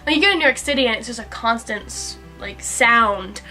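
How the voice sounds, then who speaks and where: Young American female student, bright voice, casual and laid-back. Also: a little high, a little fast, faint music behind. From United States. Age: young adult. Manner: easygoing, laughs often, rambling with fillers. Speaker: university student. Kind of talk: casual chat.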